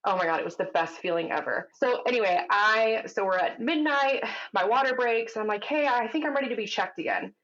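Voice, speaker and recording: A woman's voice: on the high side, a little fast, few pauses, dull audio. A woman, a podcast guest, telling a personal story in casual chat and acting out the voices of the people she quotes. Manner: animated, acts out quoted voices.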